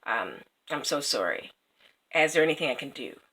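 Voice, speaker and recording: A woman voicing a gentle queen who speaks softly and sympathetically. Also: low-pitched, very animated, normal speed, slightly rough, voice pushed down, exaggerated voice, low-quality recording. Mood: consoling.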